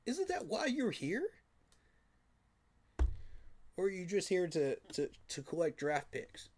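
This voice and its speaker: A man's voice: high voice, sing-song, slow pace. A man giving a frustrated, emphatic postgame reaction rant, repeating his points for emphasis. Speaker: sports fan commentator.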